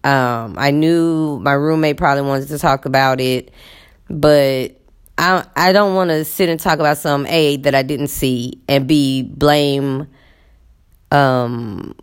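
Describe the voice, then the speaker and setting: A woman's voice: extremely low pitch, slow, clear, resonant tone. A woman teacher telling a story in a candid, conversational way with many fillers. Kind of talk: storytelling monologue.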